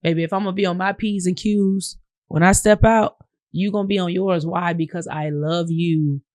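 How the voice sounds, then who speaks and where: A woman's voice: on the low side, steady tone, normal speed, darkish tone, no room sound. Southern-drawling woman podcast host. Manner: conversational, addresses listeners as y'all. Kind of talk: casual monologue.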